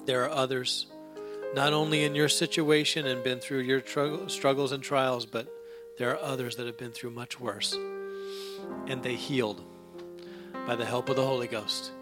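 A man preaching a sermon, telling a long joke story and addressing his congregation, sometimes rising to loud emphatic passages. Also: mid-range voice, steady tone, normal speed, music in the background. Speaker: pastor. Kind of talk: sermon with an anecdote.

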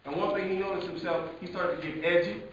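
A man preaches a lively, repetitive sermon and keeps addressing the congregation directly. His voice sits fairly high. The sound is dull and distant, with heavy echo and a faint hiss behind it. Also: fast. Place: church hall. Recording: echoey hall, distant mic, dull sound.

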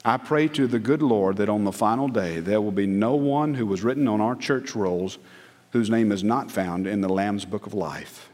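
A man preaching a sermon as pastor, emphatic, surging to loud peaks and dropping to hushed lines. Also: lowish voice, normal speed. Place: church sanctuary. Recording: long church hall reverb.

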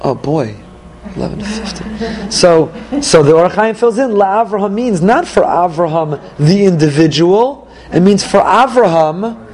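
A man teaching a Torah class, animated, asking questions and answering them himself. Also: sits high, unhurried, rough recording.

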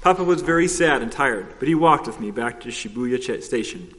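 Male storybook narrator, steady, expressive, long hall reverb. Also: medium pitch, brisk. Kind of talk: storybook reading aloud.

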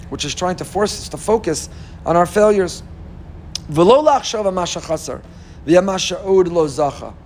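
A man preaching as a rabbi, lively and animated, with humorous asides and voices he acts out. His voice sits a little high for a man. A faint hiss of background noise runs under the recording. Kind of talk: sermon.

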